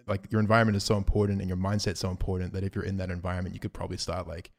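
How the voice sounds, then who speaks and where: A young man in casual podcast chat, laid-back and rambling, soft-spoken with lots of fillers. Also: low voice, level tone, very fast, gravelly. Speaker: podcast co-host.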